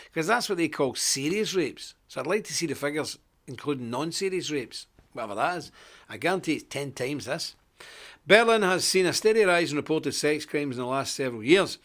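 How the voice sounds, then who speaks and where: A middle-aged man hosting a live stream, chatting casually, greeting viewers by name and jumping up in pitch when he stresses a point. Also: a bit bright.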